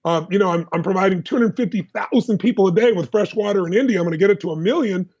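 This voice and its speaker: A man as a podcast guest, telling personal stories in an animated, emphatic, fast-flowing way. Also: sits high, husky, muffled recording. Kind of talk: energetic personal storytelling.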